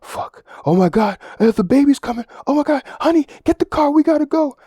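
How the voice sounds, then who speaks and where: A man's voice: very high voice, lively intonation, fairly quick, dark tone, no room sound, studio quality, pitched above the performer's own voice. A man doing a shrieking panicked woman in labor. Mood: frantic. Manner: frantic, shrieking.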